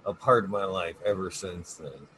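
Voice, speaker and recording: A man's voice: sits low, moderate pace, fairly bright tone, low-quality recording. A male host talking in a laid-back, friendly way, with faint noise behind him. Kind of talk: casual chat.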